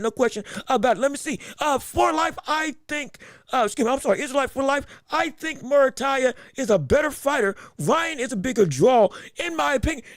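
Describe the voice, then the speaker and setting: A man hosting a live boxing podcast, talking casually and getting excitable, repeating words when he gets flustered. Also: very high voice, dry recording, studio quality. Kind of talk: casual live-stream commentary.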